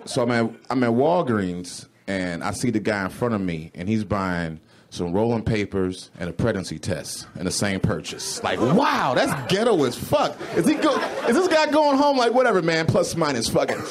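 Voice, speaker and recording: A man doing a stand-up comedy set on a club stage, animated and profane, often jumping into high, exclaimed voices. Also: normal speed, hardly any pauses, noisy background. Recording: live club recording with crowd. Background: audience laughing.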